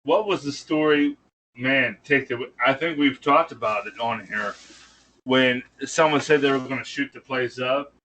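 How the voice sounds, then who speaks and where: A man's voice: medium pitch, unhurried, bright, forceful tone. A man co-hosting a podcast who breaks in with rowdy, teasing remarks. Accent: Western Pennsylvania. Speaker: podcast co-host. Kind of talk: casual chat. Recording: slightly distant mic with faint noise.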